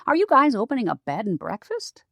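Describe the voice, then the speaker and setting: A woman's voice: fairly high pitch, wildly swooping pitch, a little fast, gravelly, a bit bright, no echo, pitched above the performer's own voice, heavily acted. Woman reading a teasing old grandmother ghost. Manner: chatty, dramatic, stretches out the big moment. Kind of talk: audiobook character voice.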